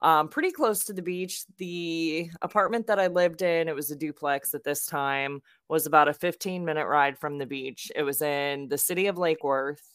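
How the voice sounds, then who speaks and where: A woman's voice: sits low, fairly bright tone, clear, resonant tone, no room sound, studio quality. A young woman from South Florida, co-hosting a podcast and telling a casual story with plenty of ums and laughs between sentences. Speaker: podcast co-host.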